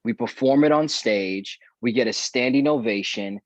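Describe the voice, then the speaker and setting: A man's voice: medium pitch, normal speed, no echo. Man telling a story on a dull, dry line. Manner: lively storyteller who acts out remembered dialogue. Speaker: guest actor. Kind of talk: casual podcast storytelling.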